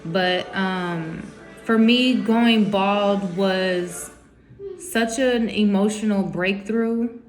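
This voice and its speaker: A young woman speaks slowly and candidly to her camera at home, sharing a personal story in a mid-range voice. Her talk is emotional and informal, with slangy bits of quoted speech. Faint music plays underneath. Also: medium pitch. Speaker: vlogger.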